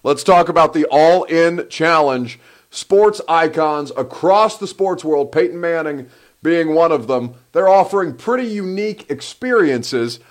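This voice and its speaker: A man hosting a solo live sports talk show, animated and rambling, often breaking off mid-sentence. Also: a little high, a little slow. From Egyptian heritage. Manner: animated, rambling, self-interrupting.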